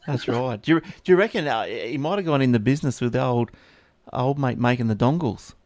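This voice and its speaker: A man's voice: mid-range voice, brisk, darkish tone, no echo. A man co-hosting a casual tech podcast, joking, laughing often and reading news items aloud. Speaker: podcast co-host.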